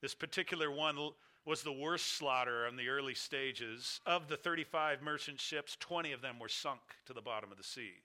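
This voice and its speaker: Bright-voiced man preaching a story. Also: medium pitch, normal speed. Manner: storytelling, emphatic repeated phrases. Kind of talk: sermon illustration.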